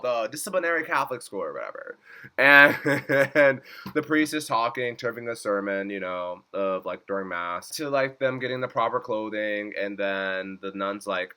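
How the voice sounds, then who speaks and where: Animated bright-voiced man recapping a show. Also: lowish voice, moderate pace, clear, resonant tone. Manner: animated, laughs a lot, swears freely, squeals when excited. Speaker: YouTube reviewer. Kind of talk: casual episode recap.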